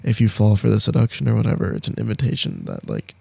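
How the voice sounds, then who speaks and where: Gravelly low-voiced young man, hesitant. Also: big pitch swings, quick pace, warm tone, no room sound. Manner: hesitant, trails off, lots of fillers. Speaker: podcast co-host. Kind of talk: casual chat.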